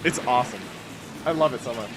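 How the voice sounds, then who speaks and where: A man's voice: medium pitch, quick pace, noisy background. A young man from Canada chatting casually on a game live stream, rambling and self-mocking, laughing often. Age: young adult.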